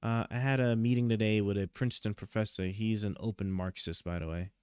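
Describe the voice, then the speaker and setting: A man streaming live, reading a court opinion aloud and stopping often to puzzle over it, with halting, restarting speech. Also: fairly low pitch, fairly even intonation, darkish tone, smooth, dry recording, studio quality. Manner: reads legal text aloud, stops to check words. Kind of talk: casual live stream commentary. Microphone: headset or desk mic.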